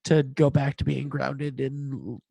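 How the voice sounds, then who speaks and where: A man joining a self-help podcast, replying in slow, halting bits. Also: medium pitch, level tone, vocal fry, dark tone, slightly rough, no echo.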